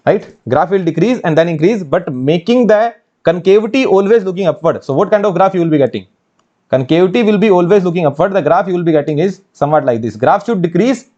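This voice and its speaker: Indian english accent, male tutor, fairly high voice, mellow tone, muffled dull recording. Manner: asks questions and answers them himself, repeats key phrases. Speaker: engineering mathematics teacher. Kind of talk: online exam-prep lecture.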